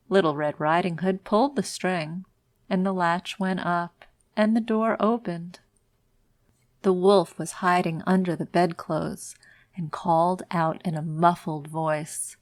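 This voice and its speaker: A woman storyteller reads a classic fairy tale slowly and deliberately for English learners. Her voice sits somewhat low for a woman, and the recording is dry and close. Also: no room sound.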